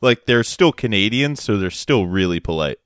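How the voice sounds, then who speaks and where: Smooth low-voiced man telling stories. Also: animated, normal speed, a bit bright, dry recording, studio quality. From Massachusetts. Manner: rambling, sarcastic storyteller. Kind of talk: casual chat.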